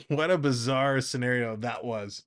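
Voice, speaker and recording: Calling the game live for a fan stream, this man keeps it casual and unhurried, wandering off-topic between pitches and laughing frequently.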